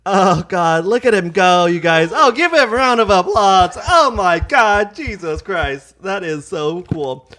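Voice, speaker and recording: A man's voice: sits high, expressive, measured pace, hardly any pauses, pushed and bright. A man telling comedic stories in a casual podcast chat, playful and theatrical, slipping into sassy quoted voices.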